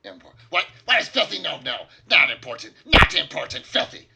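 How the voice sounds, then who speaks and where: A man voicing a hostile male goblin who spits out his words in a hissing, shouted voice. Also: a little high, sing-song, brisk, gravelly, pitched above the performer's own voice, exaggerated voice. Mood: contemptuous.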